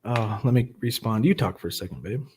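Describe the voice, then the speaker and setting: A man's voice: fairly low pitch, fairly quick, a little mellow, a little hiss or hum. Chatty joking man hosting a live stream. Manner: joking, chatty, laughs often. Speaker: host of a live recovery meeting. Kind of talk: casual livestream chat. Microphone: webcam.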